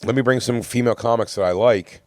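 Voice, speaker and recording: A man's voice: mid-range voice, fast, dry recording. A man co-hosting a comedy podcast, telling a rambling, profane story and acting out what others said. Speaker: podcast co-host. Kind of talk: casual storytelling among friends.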